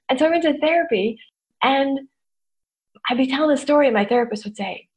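A woman's voice: high voice, fairly quick, long pauses. A middle-aged woman, a therapist and teacher, talking candidly to an audience and acting out quoted voices. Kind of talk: talk to an audience.

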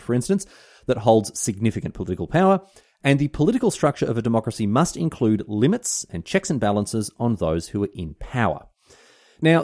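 A man's voice: on the low side, mellow. An Australian man hosting a casual history podcast, explaining in a chatty way with mock-outraged asides and mild swearing.

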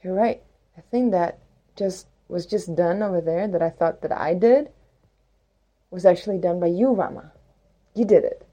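A woman voicing Hanuman, a humble male monkey god, in a soft and earnest tone. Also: on the low side, normal speed, long pauses, lightly acted.

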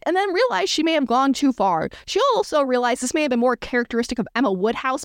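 A woman hosting a podcast, reading fanfiction aloud in a comic, dramatic style with deadpan asides and playful character voices. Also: fairly high pitch, no echo, clean studio sound.

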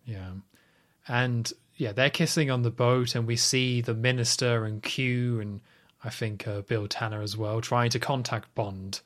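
Male podcast co-host, wry film recapper, mid-pitched, chatty and amused. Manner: wry, animated recapping with quoted lines. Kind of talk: casual film review chat.

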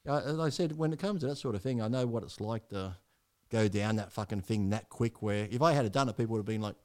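A man tells his story bluntly, swearing often and rambling from one thought to the next. He talks quickly, and his voice sits on the lower side. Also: a little mellow. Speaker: guest. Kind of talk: candid podcast storytelling.

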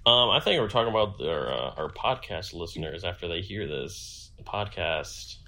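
Podcast host, lower-pitched man with a bright, forceful tone, rambling casual chat with swearing; phone recording with friends chatting nearby. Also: expressive, vocal fry. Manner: rambling, swearing, quick asides. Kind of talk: casual chat while watching a film.

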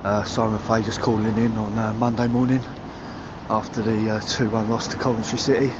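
A man's voice: fairly low pitch, flat delivery, a little fast, muffled recording, heavy background noise. Furious swearing male football fan caller. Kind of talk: voicemail rant.

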